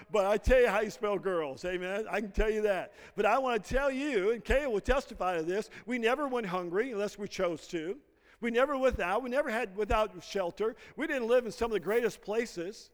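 A man's voice: high voice, smooth. A middle-aged male pastor preaching a sermon, drawing call-and-response answers from the congregation. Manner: call-and-response, prompting the congregation to finish lines. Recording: long reverb of a large hall.

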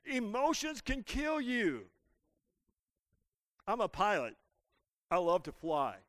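A man's voice: high-pitched, wildly swooping pitch, takes it slowly, fairly bright tone, no room sound. A man preaching a sermon as pastor, calling out to the congregation and asking them to repeat after him. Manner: preaching with call-and-response to the congregation. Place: church.

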